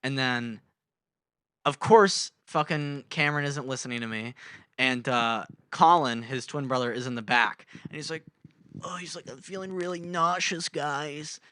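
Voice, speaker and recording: A man's voice: medium pitch, moderate pace, a bit bright, smooth, no echo. A young man co-hosting a podcast, telling a rambling story in casual chat, swearing and acting out the voices of the people in it. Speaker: podcast co-host.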